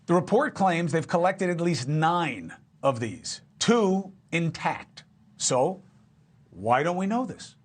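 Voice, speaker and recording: A man's voice: a little high, big pitch swings, slow pace. A man hosting a cable news interview, asking punchy, emphatic questions. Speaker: TV news host.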